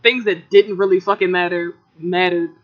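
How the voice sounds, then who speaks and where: A man's voice: high voice, moderate pace. A young man co-hosting a podcast, telling a workplace story in casual, profane chat and mimicking the people in it. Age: young adult. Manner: profane, animated storytelling with mocking quoted voices. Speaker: podcast co-host. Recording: dull lo-fi recording.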